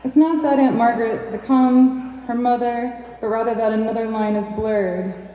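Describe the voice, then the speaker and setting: A woman giving a measured, lyrical poetry reading at a pub reading night, with shy asides between poems. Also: medium pitch. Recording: echoey dull sound from a distant mic in a pub.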